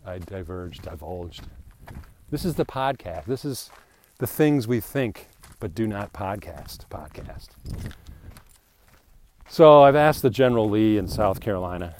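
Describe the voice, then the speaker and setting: A man's voice: fairly low pitch, lively intonation, measured pace, long pauses, darkish tone, a little hiss or hum. A man hosting a podcast, rambling in a joking, self-mocking way while walking outdoors. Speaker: podcast host. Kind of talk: casual rambling monologue. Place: outdoors, walking near a new bridge.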